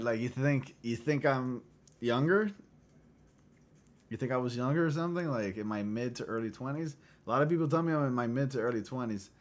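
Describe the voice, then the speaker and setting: A man in his late twenties, chatting casually with his livestream viewers, rambling and laughing often. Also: medium pitch. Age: late 20s. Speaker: livestream host.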